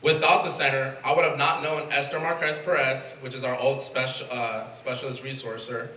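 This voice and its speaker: Bright-voiced young student president speaking. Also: male voice, medium pitch, level tone, moderate pace. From Mexico. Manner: emotional, earnest, reading a prepared speech. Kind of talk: prepared speech. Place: event space at a college. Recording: echoey room from far off, faint ambience.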